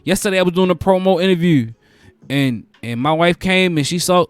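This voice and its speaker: A man's voice: high-pitched, fairly quick, clear, resonant tone, dry recording, faint music behind. A male host giving advice in a casual, preachy monologue, repeating phrases for emphasis.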